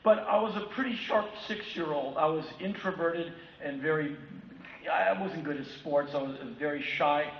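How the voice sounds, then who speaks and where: A man in his fifties from the United States giving a keynote talk, telling personal stories in an animated way and acting out other people's voices. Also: a little high, normal speed, slight background noise. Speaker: keynote speaker. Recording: echoey hall from far off, dull lo-fi sound with faint ambience.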